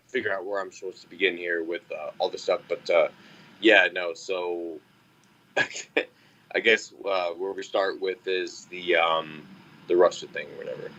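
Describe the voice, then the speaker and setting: A man's voice: sits low, measured pace, pauses often, bright, forceful tone. Man host, casual ranting storyteller, sarcastic, profane, dull lo-fi audio. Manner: profane, sarcastic storytelling, mocking quotes in raised voice. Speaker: podcast host. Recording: dull lo-fi sound.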